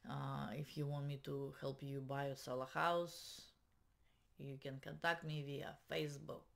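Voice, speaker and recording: Slow-talking Russian-accented woman realtor. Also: rumbling low, flat delivery, vocal fry. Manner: chatty, practical, self-mocking. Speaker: realtor and YouTuber. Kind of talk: casual home-selling advice vlog.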